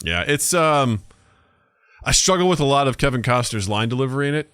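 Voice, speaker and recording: A man co-hosting a podcast, telling animated stories in casual chat and acting out voices. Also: medium pitch, a little fast, smooth, no echo. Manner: animated storyteller, acts out voices. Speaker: podcast co-host.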